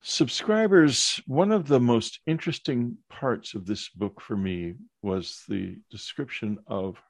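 Slow, earnest older male podcast host. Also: medium pitch, gravelly, a little mellow, dry recording. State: hiccups. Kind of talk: spoken interview podcast.

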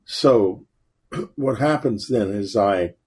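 An older man telling a personal story in a rambling, halting way, with wry laughs. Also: lowish voice, a little mellow, slightly rough. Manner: rambling, halting with many restarts and fillers; wry, laughs while recalling.

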